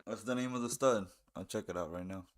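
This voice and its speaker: Talking quickly in a lowish voice, a live stream host comments on a game in a relaxed, chatty way. He has a habit of saying phrases over again.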